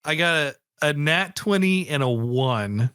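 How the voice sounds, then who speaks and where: A man's voice: fairly high pitch, animated, a little slow, a bit bright, clear, resonant tone. A man playing a tabletop role-playing game, laughing through his lines. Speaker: player.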